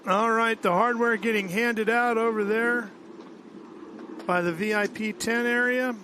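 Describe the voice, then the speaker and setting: A man providing race commentary in a brisk, enthusiastic broadcast manner. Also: very high-pitched, fairly even intonation, background noise.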